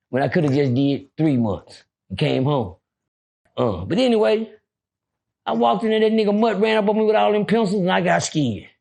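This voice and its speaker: A middle-aged man telling stories in a casual interview. He is animated and keeps switching into the voices of people from his stories. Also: on the high side, gravelly. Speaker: guest.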